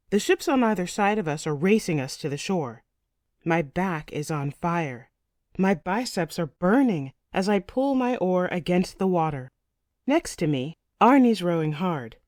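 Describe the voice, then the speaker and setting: A woman's voice: fairly low pitch, lively intonation, unhurried, a little mellow, dry recording, studio quality. Woman narrating a tense saga in first person. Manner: vivid, tense storytelling. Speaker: audiobook narrator.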